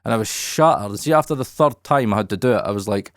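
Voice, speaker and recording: A man's voice: on the low side, quick pace, few pauses, dry recording, clean studio sound. A man hosting a podcast, talking openly and reflectively and swearing casually. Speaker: podcast host. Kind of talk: candid podcast talk.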